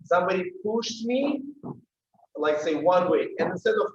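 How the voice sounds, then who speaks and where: A man's voice: high-pitched, lively intonation, moderate pace. A man with a Russian accent teaching a dance class, calling out counts and rhythms urgently while he is losing his voice. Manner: calls counts and rhythms loudly, coaching with urgency. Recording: dull echoey room sound from a distance.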